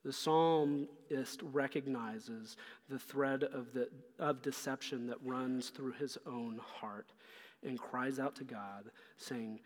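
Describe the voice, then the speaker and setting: A man's voice: mid-range voice, slow. A man preaching a sermon as pastor, earnest and pressing his listeners with repeated questions. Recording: long hall reverb.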